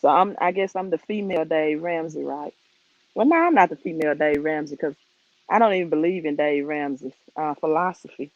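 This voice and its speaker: A woman's voice: low voice, fairly quick, dry recording, lo-fi sound. A woman from Mississippi with a Mississippi Southern accent, hosting a casual finance live stream outdoors on her phone, chatty and conversational as she greets viewers.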